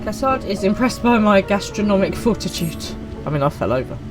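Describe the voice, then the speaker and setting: A woman's voice: mid-range voice, big pitch swings, brisk, over music, rough recording. A woman streaming a game, chatting casually and teasing herself. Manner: chatty, self-mocking. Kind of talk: casual gameplay commentary.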